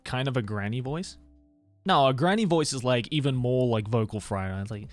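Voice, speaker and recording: A man's voice: medium pitch, a little fast, no echo, faint music behind. A male streamer chatting casually with his live audience, laughing often, swearing freely, and leaning hard on filler words. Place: home streaming room, Tokyo.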